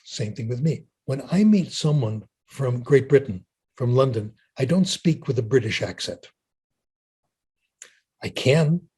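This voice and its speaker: Older man, husky voice, relaxed storytelling lecture, frequent "okay?". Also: mid-range voice. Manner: chatty, storytelling, keeps asking "okay?". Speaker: linguist giving a talk. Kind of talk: lecture with audience Q&A.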